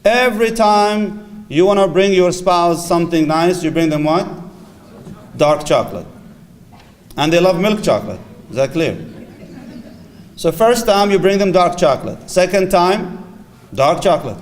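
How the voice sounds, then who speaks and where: A middle-aged man giving a lively religious lecture on marriage, acting out short dialogues and mixing in Arabic phrases. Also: high-pitched, normal speed, pauses often, slight background noise. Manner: animated, acts out little dialogues, Arabic phrases mixed in. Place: lecture hall with audience.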